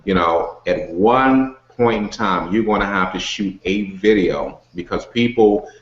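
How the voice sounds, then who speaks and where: A man's voice: on the low side, unhurried. A man coaching a group on a video call, casual and motivational, folksy with lots of "you know" and "okay". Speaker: network marketing coach hosting a webinar. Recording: roomy, dull video-call audio.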